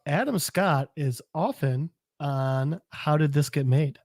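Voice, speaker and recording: A man's voice: a little high, slow, darkish tone, no echo, clean studio sound. A man co-hosting a podcast, dropping wry quips in casual movie chat. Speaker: podcast co-host.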